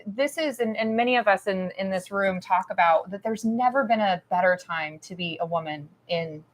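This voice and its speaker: A woman's voice: mid-range voice, moderate pace. A woman hosting an author interview at a live event, effusive and affirming, with many fillers. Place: event room with an audience.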